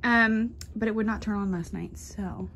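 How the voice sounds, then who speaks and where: A woman's voice: steady tone, normal speed, a bit bright. A woman chatting casually as she walks around her chicken coop, filming on her phone, often cooing to her animals. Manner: chatty, coos at animals in a high sing-song. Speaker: homesteading vlogger. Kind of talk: casual vlog chat. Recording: outdoor noise behind voice. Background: dogs and farm ambience.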